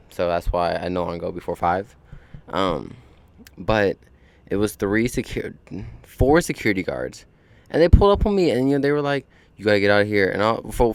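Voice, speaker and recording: This young man's voice is on the low side and creaky, with no room sound in the recording. He's hosting a podcast outdoors on a deck, delivering a casual storytelling monologue full of curses and fillers.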